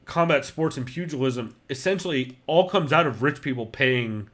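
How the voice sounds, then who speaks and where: Brief: male podcast host, mid pitch, rambling casual delivery, swears freely. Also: normal speed, fairly bright tone. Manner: loose and profane, many fillers.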